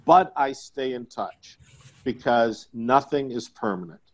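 A man's voice: medium pitch, unhurried. A middle-aged man in a podcast conversation, explaining his sales approach with folksy stories and jokes. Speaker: guest, IT sales consultant.

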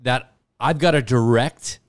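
A man co-hosting a casual podcast, talking in an animated way with quick restarts and playful voice shifts. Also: mid-range voice, smooth, dry recording. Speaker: podcast co-host.

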